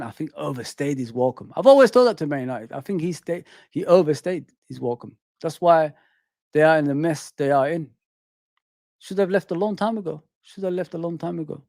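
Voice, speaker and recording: A man's voice: a little high, no echo, studio quality. A middle-aged man hosting a casual live stream, reading the chat aloud and answering it, often repeating his phrases. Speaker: host.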